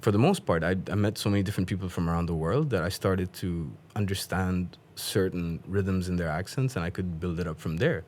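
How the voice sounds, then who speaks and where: A man whose first language is Dari, chatting quickly and animatedly as a podcast guest, often laughing. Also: deep voice, a little mellow, a little hiss or hum. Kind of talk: casual interview chat.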